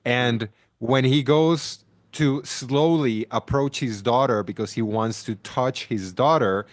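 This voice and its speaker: A man's voice: medium pitch, slow, dry recording. A man in casual podcast chat, ranting animatedly about a film and often restarting his sentences.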